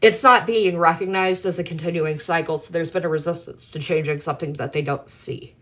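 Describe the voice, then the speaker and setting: A woman's voice: low-pitched, fairly even intonation, brisk, a bit bright, a little hiss or hum. A woman hosting a live stream, chatting casually and swearing freely. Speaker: livestream host.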